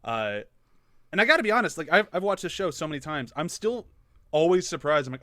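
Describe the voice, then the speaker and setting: A man co-hosting a podcast in loose, laughing chat, his pitch bouncing all over. His voice is bright and a bit high. He's close on a dry mic with no room sound. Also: a little fast, dry recording. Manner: animated, laughs often, jumps between tangents. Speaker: podcast co-host. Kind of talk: casual chat.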